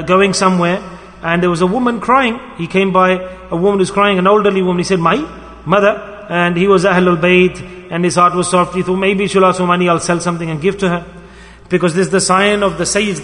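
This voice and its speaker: Male preacher, high and bright, emphatic storyteller, hall reverb. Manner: storytelling, emphatic, rising and falling. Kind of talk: sermon.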